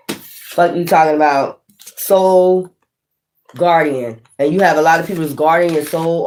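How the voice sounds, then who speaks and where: A tarot reader giving a casual spiritual monologue, preachy and excitable, swearing often, laughing, and rambling with frequent restarts. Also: mid-range voice, slight background noise.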